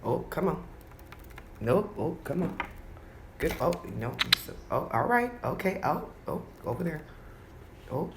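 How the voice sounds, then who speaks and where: A woman's voice: sits low, big pitch swings, unhurried, long pauses. A woman coaxing her pet bird at home in a cooing baby-talk voice, with casual swearing, in a noisy home recording. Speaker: pet video host.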